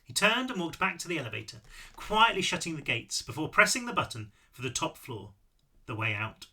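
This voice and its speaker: Bright-voiced man reading his novel aloud. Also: on the high side, a little fast, gravelly, breathy edge. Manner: lively reading with casual asides. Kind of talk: audiobook read-through with asides.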